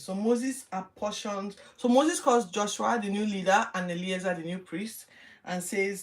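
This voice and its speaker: Animated woman retelling scripture, slightly distant. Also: mid-range voice, normal speed. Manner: animated, acts out quotes in lively voices. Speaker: Bible reading podcast host.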